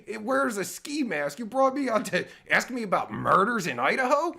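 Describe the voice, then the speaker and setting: A man's voice: high voice, big pitch swings, normal speed, vocal fry, sharp tone. A man giving sarcastic, taunting commentary as a podcast guest, swearing heavily and mocking his host.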